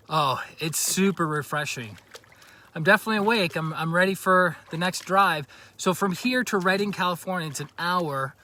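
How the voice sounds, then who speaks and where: A man's voice: a little high, expressive, a little fast, pushed and bright. A man livestreaming outdoors by a lake on a handheld phone, chatting and joking with viewers, a little out of breath. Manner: chatty and jokey, greeting viewers by name. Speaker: vlogger livestreaming a road trip. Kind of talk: casual livestream chat.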